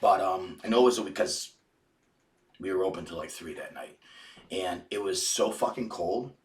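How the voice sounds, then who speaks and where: A man's voice: low-pitched, normal speed. A man telling a long story as a podcast guest, casual and profane, full of restarts and filler words. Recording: roomy, distant mic.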